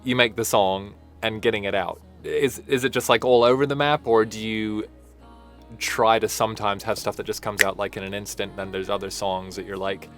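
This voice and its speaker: A man's voice: on the low side, fairly even intonation, normal speed, fairly bright tone, faint music behind. A man interviewing a guest, asking long, searching questions with lots of restarts.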